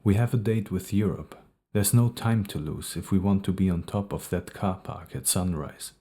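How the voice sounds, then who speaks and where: A man voicing a reckless, cheerful young male travel companion in an audiobook, speaking in a calm, coaxing, slightly hushed way. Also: sits low, normal speed. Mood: upbeat.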